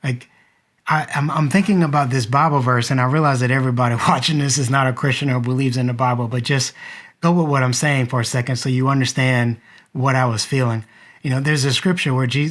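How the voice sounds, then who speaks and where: A man's voice: medium pitch, fairly bright tone. Man in his 30s, vlogger and dad, earnest reflective storytelling straight to camera. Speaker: vlogger and father.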